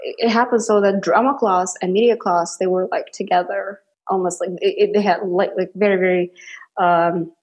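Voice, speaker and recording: A young adult woman from Kazakhstan speaks as a guest in a relaxed interview. Her medium-pitched voice turns animated as she tells stories, full of false starts and quick laughs. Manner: animated storytelling with frequent restarts and laughter. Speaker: actress guest. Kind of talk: casual interview conversation.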